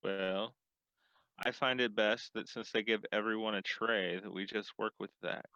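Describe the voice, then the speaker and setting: Male player, crisp bright voice, wry and playful, muffled dry recording. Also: fairly low pitch, fairly even intonation, unhurried, no room sound. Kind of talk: casual tabletop play.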